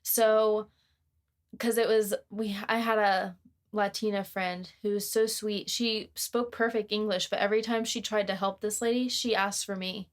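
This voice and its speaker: A woman's voice: mid-range voice, fairly even intonation, moderate pace. A young woman co-hosting a podcast, casually telling a work story in a chatty, exasperated way with bursts of laughter. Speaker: podcast co-host.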